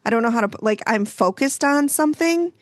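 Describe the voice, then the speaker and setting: Woman, podcast co-host, casual chat, teasing, swears, slightly high voice, dry close mic. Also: lively intonation, a little fast, no echo.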